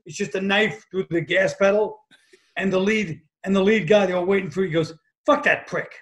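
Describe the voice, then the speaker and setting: A man guest on a comedy podcast, telling stories in a dry, deadpan way with wry jabs. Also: high-pitched, brisk.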